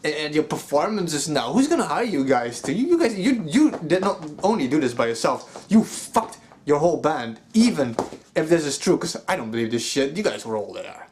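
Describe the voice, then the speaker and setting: A man speaks in a slightly higher-than-usual voice, ranting straight to his viewers. He sounds exasperated and swears freely, with plenty of fillers along the way. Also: sing-song, moderate pace, a little mellow, a little hiss or hum. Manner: profane, exasperated, lots of filler like 'you know'. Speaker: metal vlogger. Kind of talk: angry commentary rant.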